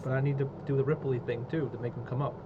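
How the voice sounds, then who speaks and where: A man's voice: mid-range voice, steady tone, racing, phone-quality sound, a crowd in the background. A man playing a tabletop game, chatting casually and joking, laughing often.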